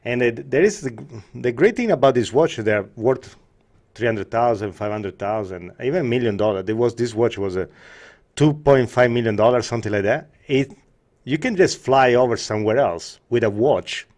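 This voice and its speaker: Guy cohosting, mid pitch, stops and hunts for words a lot. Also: a little mellow. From Italy. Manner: halting, searching for words. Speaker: co-host. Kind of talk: casual podcast banter.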